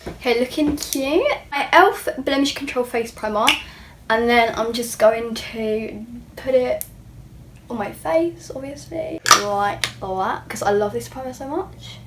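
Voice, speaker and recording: Young woman vlogger chatting thru her makeup, kinda high voice, jokes at herself, faint room hum. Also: unhurried. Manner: chatty, self-mocking asides, drops to near-whisper. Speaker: beauty vlogger. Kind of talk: casual makeup tutorial chat.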